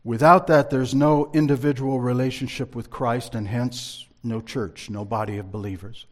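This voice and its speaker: Measured, emphatic male Bible teacher. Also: medium pitch, darkish tone. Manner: measured, emphatic, reads scripture aloud. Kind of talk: sermon-style Bible teaching.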